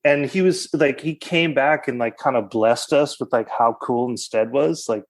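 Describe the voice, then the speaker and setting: Guy on a podcast, excited, swears a bunch, says like constantly, mid pitch. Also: moderate pace, vocal fry. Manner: animated, swears, heavy use of "like". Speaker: podcast guest. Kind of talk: casual chat.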